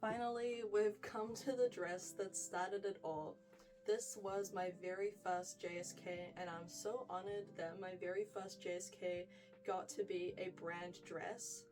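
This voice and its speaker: A woman's voice: fairly low pitch, fairly even intonation, unhurried, a little mellow, recorded from a distance, soft background music, rough recording. A young woman with a New Zealand accent giving a chatty, gushing wardrobe tour, full of "like" and "freaking". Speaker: fashion vlogger.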